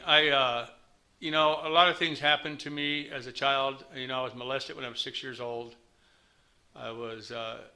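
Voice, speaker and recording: A man's voice: mid-range voice, bright, forceful tone. A man in his fifties from the United States, telling his personal recovery story to a meeting in a candid, rambling way.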